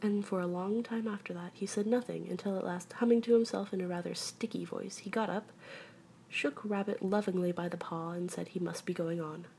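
A woman reading a children's storybook aloud in a soft, hushed voice that often drops to a whisper. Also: fairly low pitch, fairly even intonation, fairly quick, gravelly, a little hiss or hum.

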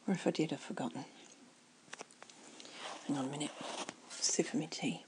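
A woman doing a whispered ASMR chat, soft and rambling as she muses aloud. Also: lowish voice, lively intonation, a little slow, vocal fry, pauses often, slight background noise, rough recording.

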